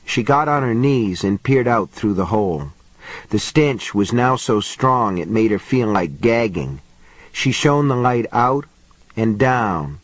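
Male audiobook reader for horror, measured pacing, low register, dry booth sound. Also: lively intonation, no room sound. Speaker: audiobook narrator. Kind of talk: scripted horror narration.

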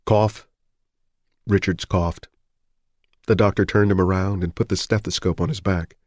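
A man with a very low, deep voice reads a novel aloud as an audiobook. His delivery is even and measured, and the recording is close and dry with no room echo. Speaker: narrator. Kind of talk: scripted audiobook narration.

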